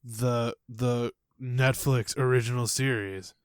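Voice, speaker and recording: A man co-hosting a casual podcast chat, rambling and halting as he trails off softly. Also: medium pitch, fairly even intonation, smooth, dry recording, studio quality. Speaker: podcast co-host.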